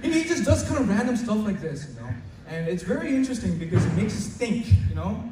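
A male student in his late teens doing stand-up comedy at school, chatty and stammering, loudly acting out his teachers. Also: high-pitched, very animated, fast. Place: school hall with an audience. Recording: echoey hall recorded from far off. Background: audience laughter and room noise.

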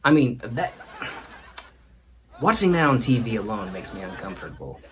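A man's voice: mid-range voice, big pitch swings, normal speed, a bit bright, a faint crowd, a little hiss or hum. A man hosting a comedic monologue, teasing and playful in his delivery. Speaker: host.

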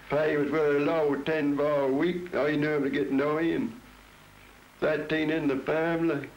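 A man's voice: on the high side, gravelly. A man in his seventies with a Norfolk accent, reminiscing bluntly in an interview at his home and often repeating himself. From Norfolk, England. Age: 70s. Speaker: interviewee, traditional folk singer. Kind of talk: plain reminiscing in conversation. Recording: dull lo-fi 1962 home tape with hiss.

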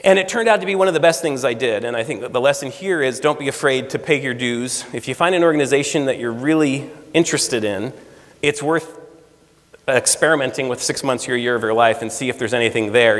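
Speaking quickly in a mid-range voice, a guest speaker from the United States, a man in his forties, delivers a lively storytelling talk and performs the dialogue he quotes. He's in a lecture room, and the hall's reverb is audible.

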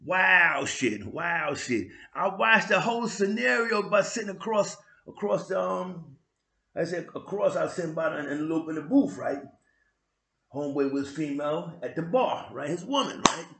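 A man with a New York accent hosting his own vlog, telling a street story in slang with sound effects and loud bursts. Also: sits high, normal speed, vocal fry, roomy sound. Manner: animated street slang with frequent "you know what I'm saying". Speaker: vlog host. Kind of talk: casual storytelling monologue.

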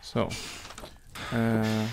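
A man giving casual gameplay commentary and muttering to himself in a slow, halting way while he plays. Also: on the low side, monotone, vocal fry, music in the background. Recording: noisy home recording with keyboard and mouse clicks.

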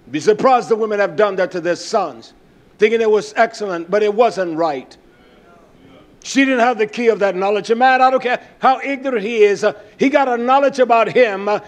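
A man preaching a sermon, emphatic and rising at times to shouts. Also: very high-pitched.

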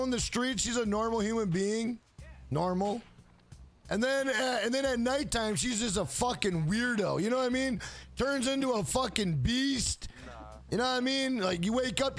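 A man live-streaming a game, rambling through crude, profane stories and talking back to his chat by name. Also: extremely high pitch. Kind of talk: casual chat while gaming on a live stream.

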